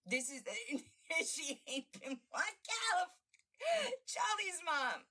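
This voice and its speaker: A woman's voice: sits high, expressive, takes it slowly, pushed and bright. A woman hosting a livestream, reacting to videos in a brash, profane and mocking way, often breaking into laughter. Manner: mocking and sarcastic. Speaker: livestream host. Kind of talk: casual reaction commentary.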